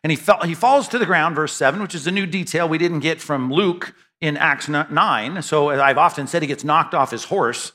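A man preaching a verse-by-verse sermon with a bright, forceful tone and a slightly high voice. He talks like he's chatting with the congregation, restarting phrases and tossing in asides as he explains the passage. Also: normal speed, hardly any pauses. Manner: conversational, many restarts and asides. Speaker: pastor. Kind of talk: expository sermon.

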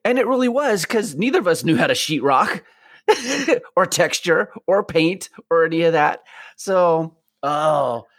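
A man's voice: a little high, lively intonation, unhurried, a bit bright, no echo, studio quality. A man in casual chat who talks animatedly and laughs often.

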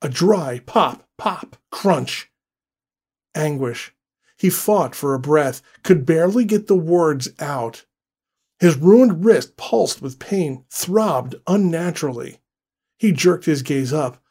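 A man narrating a dark horror story in a measured, deliberate way. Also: on the high side, animated.

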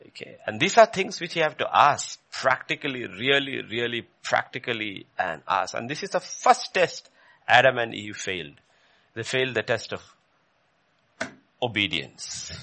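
A man preaching a sermon with a gravelly, bright voice that swings widely in pitch. He repeats phrases for emphasis and jumps high when he quotes questions from scripture.

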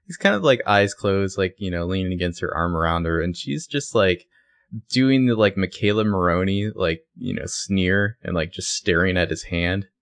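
A man co-hosting a casual recap chat, retelling scenes with lively asides. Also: low voice, normal speed, no room sound. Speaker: podcast co-host.

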